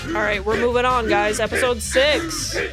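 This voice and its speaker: A young woman reacting to anime on a live stream, reading out chat messages and talking casually, swearing and getting excited. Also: on the high side, normal speed, over music.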